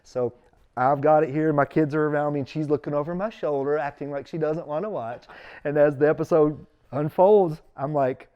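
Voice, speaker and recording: Man, interview host, animated storyteller, acts out voices. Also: a little high, moderate pace, clean tone, muffled recording. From East Tennessee. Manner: lively storyteller who acts out quoted voices. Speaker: podcast host, former bishop. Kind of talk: casual in-person interview.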